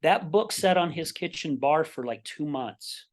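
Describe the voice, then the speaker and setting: A middle-aged man from Utah, a podcast guest, telling personal stories in a lively way and acting out the dialogue. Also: a little high, unhurried. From Utah, United States. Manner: animated, acts out quoted dialogue in his stories. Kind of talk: personal storytelling in a podcast interview.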